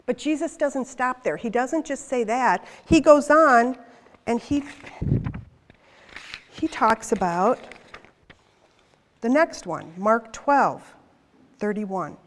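Woman preacher, fifties, slightly high voice, chatty and animated from the pulpit, long reverberant hall sound. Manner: conversational, animated, with quick asides. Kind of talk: sermon.

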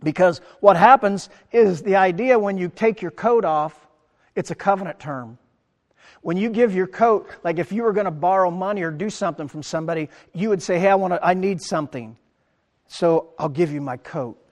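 A man preaching a sermon as pastor, animated, acting out the crowd's words in his talk. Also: sits high, normal speed, big-room sound. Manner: animated preaching, acts out quoted crowd lines.

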